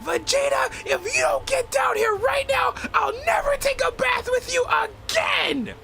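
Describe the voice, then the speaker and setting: A man voicing a fiery, bossy adult anime wife who shouts a scolding threat in a high voice. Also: animated, measured pace, creaky, soft background music, full character voice.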